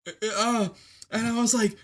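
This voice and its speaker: A young man telling a war story on a podcast, rambling with many fillers and restarts, and shouting when he acts out commands. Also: extremely high pitch, flat delivery, moderate pace.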